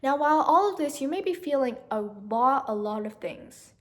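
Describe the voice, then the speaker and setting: A gentle young woman with a slightly high voice talks the listener through a meditation. She slows down and softens as she guides their breathing. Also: lively intonation. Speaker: meditation channel host.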